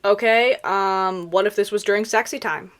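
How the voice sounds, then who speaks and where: A young woman giving sarcastic, animated comedic commentary on videos, with laughing asides. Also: medium pitch, moderate pace. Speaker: reaction video creator.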